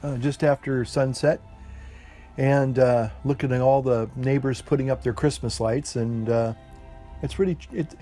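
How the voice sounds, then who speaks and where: A man's voice: medium pitch, steady tone, measured pace, warm tone. A man in easy, folksy chat, rambling along with plenty of ums and restarts and tossing in the odd "y'all". He is outdoors on an evening breeze, talking to a camera mic, with faint classical music behind him. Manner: rambling, many fillers and restarts. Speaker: pipe-smoking vlogger. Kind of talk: relaxed casual chat to camera. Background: classical music playing faintly.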